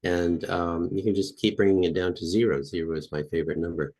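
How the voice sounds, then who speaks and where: A man's voice: low-pitched, steady tone, a little fast, a little mellow, husky. A man guest on a podcast interview, explaining and demonstrating a technique with repeated phrases. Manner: repetitive, demonstrative, chanting phrases with rising intensity. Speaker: guest expert.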